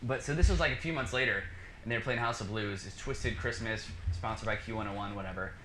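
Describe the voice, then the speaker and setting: Animated man telling a story. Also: fairly low pitch, fast. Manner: animated, acts out dialogue, many fillers. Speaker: podcast guest, musician. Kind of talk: casual storytelling. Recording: echoey room with background noise.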